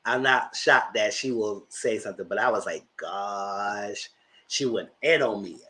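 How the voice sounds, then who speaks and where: A man's voice: on the low side, a little slow, bright, forceful tone, rough recording. A man in his thirties giving chatty, slangy live commentary as host of his channel. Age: 30s.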